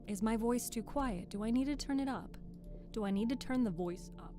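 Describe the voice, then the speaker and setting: This young woman streams live and also reads audiobooks, and here she jokes casually with her viewers at the mic. She talks briskly with lively intonation, in a voice that is a little high and a little mellow. Faint music sits behind her.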